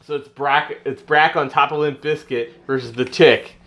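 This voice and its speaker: A man with a slightly high voice plays a card game with friends in casual chat. He talks it through at an easy pace, weighing up which fighter would win. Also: fairly even intonation, moderate pace, fairly bright tone. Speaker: player in a card game review.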